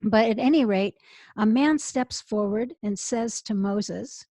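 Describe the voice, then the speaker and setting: Middle-aged woman rabbi, expressive storyteller, slightly high voice, dry close earphone mic. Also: unhurried, no room sound. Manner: expressive, builds to emotional peaks. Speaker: rabbi, interview guest. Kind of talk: storytelling in an interview.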